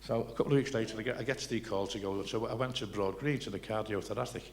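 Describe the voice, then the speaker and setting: A man's voice: lowish voice, fast talker, a little hiss or hum. An older man telling rambling stories to a live audience, chatty and full of restarts. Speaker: comedian. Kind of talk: live stand-up storytelling.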